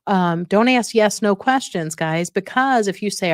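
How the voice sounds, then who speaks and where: A woman's voice: mid-range voice, measured pace, dry recording, studio quality. A middle-aged woman hosting an instructional podcast, talking directly and coaching her listeners, repeating her key points. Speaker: podcast host.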